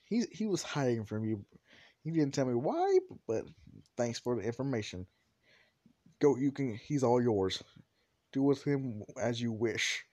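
A man voicing a sly mother who calmly hands her son over to his pursuers. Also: medium pitch, unhurried, long pauses, dry recording. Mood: betraying. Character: scheming mother, cool and teasing.

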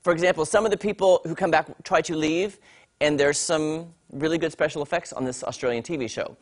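A man's voice: fairly high pitch, brisk. A man hosting a segment on a morning TV show, chatting animatedly and enthusiastically about a series he is watching. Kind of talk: casual on-air TV review. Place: TV studio.

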